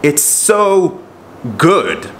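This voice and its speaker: A man's voice: on the high side, very animated, extremely slow, fairly bright tone, slight background noise. A man from Israel with an American accent, chatting casually as host of a TV talk channel, rambling with lots of fillers. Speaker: TV show host. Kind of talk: casual chat.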